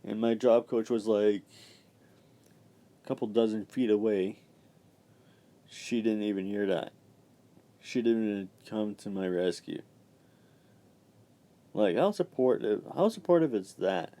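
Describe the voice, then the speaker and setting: A young man telling a rambling story about his old job, halting and swearing when worked up. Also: fairly low pitch, dark tone. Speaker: vlogger. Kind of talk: casual storytelling rant.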